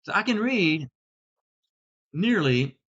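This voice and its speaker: A man teaching about Bible translations in a video talk, speaking deliberately and stressing key words. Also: sits high, very animated, fairly bright tone, husky. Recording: slightly dull lo-fi sound.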